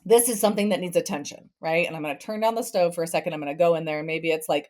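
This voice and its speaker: A woman's voice: on the low side, animated, quick pace, a little mellow. A woman therapist and podcast guest giving conversational parenting advice, acting out family scenes with playful voice shifts.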